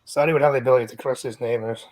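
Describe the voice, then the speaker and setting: A man's voice: mid-range voice, steady tone, rapid-fire, a little mellow, low-quality recording. A Scottish man reading the news on a live stream in a blunt style, swearing freely. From Scotland. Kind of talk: casual chat.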